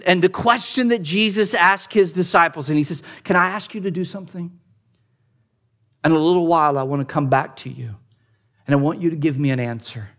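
A man preaching a sermon, telling a story with dramatic turns from loud emphasis to hushed near-whispers, often repeating the first word of a phrase. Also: high voice. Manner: repeats words at starts of phrases. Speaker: pastor.

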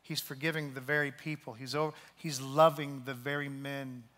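A man preaching a sermon, telling a story and acting out the voices in it, sometimes dropping to a soft, hushed tone. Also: medium pitch, level tone, moderate pace. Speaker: pastor. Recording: long hall reverb.

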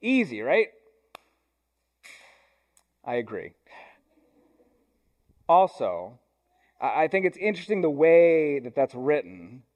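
A young man delivers a sermon in a church sanctuary. His voice sits slightly higher than most men's, and his tone is conversational, with self-deprecating asides. He speeds through some thoughts and slows deliberately on others. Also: very animated, darkish tone. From Ohio, US. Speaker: pastor.

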